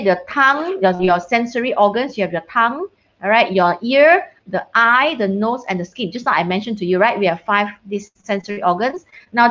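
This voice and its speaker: Chatty woman teacher, higher voice, casual online class, mixes in Mandarin phrases, muffled computer-mic sound. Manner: chatty, keeps checking if students can hear her. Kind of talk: online science lesson.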